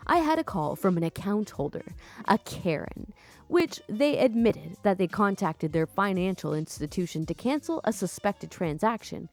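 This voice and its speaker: Casual woman reading stories aloud. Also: medium pitch. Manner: casual, addresses listeners as dudes. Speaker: story narrator.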